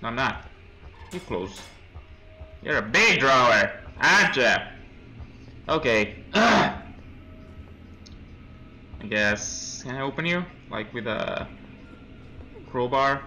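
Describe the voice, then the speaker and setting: Lively jumpy young man gamer. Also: mid-range voice, takes it slowly, long pauses, low-quality recording. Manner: jumpy reactions, reading game text aloud, nervous laughs. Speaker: let's play gamer. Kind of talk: horror game commentary.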